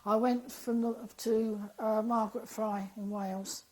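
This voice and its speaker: Woman guest, somewhat high voice with a mellow warmth, animated storyteller who acts out quoted dialogue. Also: measured pace, rough recording. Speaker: interview guest. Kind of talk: conversational storytelling interview.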